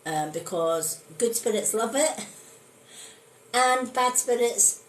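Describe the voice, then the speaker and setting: A woman's voice: on the high side, lively intonation, slow pace, echoey room, rough recording. A woman demonstrating on a live stream, speaking earnestly with many fillers. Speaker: spiritualist hosting a live stream. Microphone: phone.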